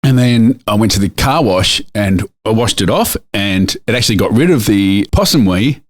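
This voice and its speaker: A man's voice: fairly low pitch, expressive, moderate pace. A middle-aged man with an Australian accent co-hosting a podcast, telling a story in a rambling way with lots of fillers and restarts. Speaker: podcast co-host. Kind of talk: casual chat and storytelling.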